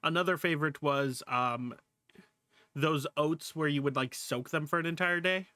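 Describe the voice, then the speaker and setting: A man's voice: fairly high pitch, moderate pace, sharp tone, no room sound, clean studio sound. A male streamer chatting casually to viewers while reacting to a video, laughing often, swearing freely and exclaiming at what he sees. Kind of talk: casual livestream reaction chat.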